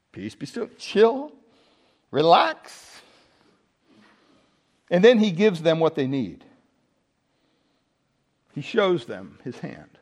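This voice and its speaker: A male pastor giving a Sunday sermon, animated and humorous, asking the congregation rhetorical questions. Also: high-pitched.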